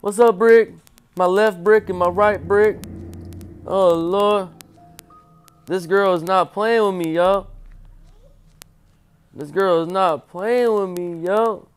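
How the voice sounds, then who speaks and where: Brief: male gamer, let's-play, unhurried delivery, mutters then yelps when scared, goofy repeated chants. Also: fairly even intonation, smooth. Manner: jokey, talks to the game character, repeats silly chants; swings from low mutters to loud startled yelps. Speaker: gamer playing a horror game. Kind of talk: casual let's-play commentary.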